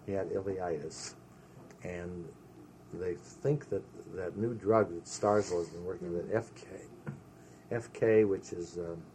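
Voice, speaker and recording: An older man recalling his army days in an oral history interview, an animated storyteller who sprinkles in Yiddish words. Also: low voice, slow pace, a little hiss or hum.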